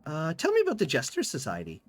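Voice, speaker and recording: A man's voice: fairly high pitch, quick pace. A man streaming a text game, reading its dialogue aloud and chatting about it. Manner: lively, reads in-game dialogue with small voice changes.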